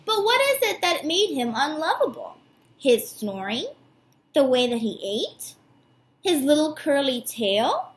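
High, animated teacher reading a storybook. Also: female voice, unhurried. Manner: warm and animated. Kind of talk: reading a picture book aloud. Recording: echoey room.

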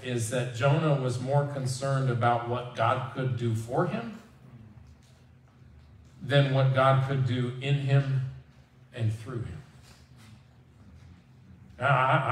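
A pastor preaching a sermon in a church, talking in a casual, conversational way and acting out quoted prayers. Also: male voice, medium pitch. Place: church sanctuary. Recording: roomy church sound from a distance.

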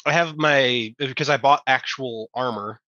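Chatty male player, bright forward tone, slightly dull dry recording. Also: medium pitch, normal speed, no room sound. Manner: chatty, laughs between lines, argues rules. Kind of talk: casual tabletop play.

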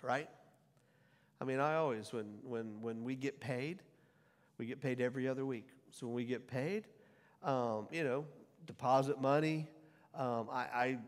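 A middle-aged male pastor preaching to a congregation, rising into loud scripture quotes and dropping back to conversational asides. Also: mid-range voice. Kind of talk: sermon. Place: church sanctuary before a congregation. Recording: long hall reverb.

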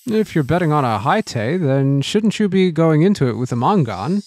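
A man's voice: on the high side, very animated, normal speed, darkish tone, no echo. A man co-hosting a let's play, making dry joking comments about the story and the game. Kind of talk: casual gaming chat.

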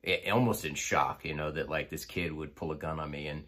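A man's voice: very deep voice, steady tone, fairly quick, pushed and bright. A man casually telling a personal story, rambling with many fillers and restarts.

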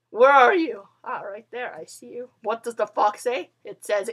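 A woman's voice: a little high, moderate pace, few pauses, slightly rough. A young woman giving playful let's-play commentary, giggling often and bossing other players around. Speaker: gamer.

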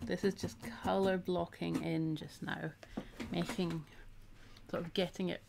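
A middle-aged woman talks her viewers through a craft on a live stream in a relaxed, chatty way, laughing often. Her voice sits fairly low and has a gravelly edge. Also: measured pace, background noise. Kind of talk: casual craft tutorial.

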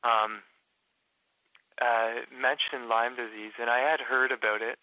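Hesitant man with a bright, flat voice. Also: medium pitch, no room sound, low-quality recording. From Canada. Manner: halting, many fillers and restarts. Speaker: patient guest. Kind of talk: casual interview.

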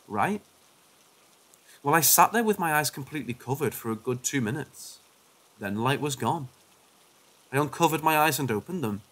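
A man's voice: medium pitch, a bit bright. Man narrating a paranormal tale. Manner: dramatic storytelling. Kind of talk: scripted narration of a paranormal story.

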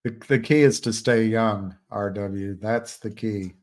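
Older guy rambling on a live stream, slow unhurried talk, lots of restarts. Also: lowish voice, steady tone, a little mellow. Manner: rambling, musing, many restarts. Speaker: livestream host. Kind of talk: casual live chat.

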